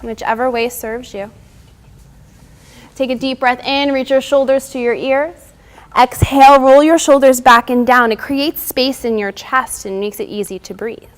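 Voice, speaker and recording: A woman leading a guided mindfulness and stretching session with gentle, soothing spoken cues. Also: high voice, steady tone, measured pace. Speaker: mindfulness instructor.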